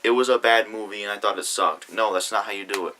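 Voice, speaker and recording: A man's voice: lowish voice, steady tone, fast talker, sharp tone, a little hiss or hum, low-quality recording. A young man ranting angrily to camera in a profane vlog, reading out comments and arguing back. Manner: reads comments aloud. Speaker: YouTuber. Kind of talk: angry vlog rant.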